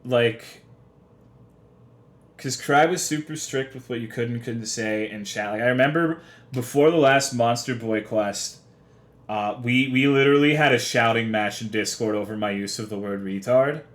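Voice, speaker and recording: Young male streamer, mid-pitched, swears a lot, rambling and self-deprecating, casual chat to viewers. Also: moderate pace. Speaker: livestreamer.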